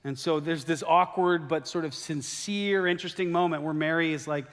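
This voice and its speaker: A man preaching a sermon as a pastor, telling the story in a lively way and acting out the quoted lines. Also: fairly high pitch, moderate pace. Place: church sanctuary. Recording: long hall reverb.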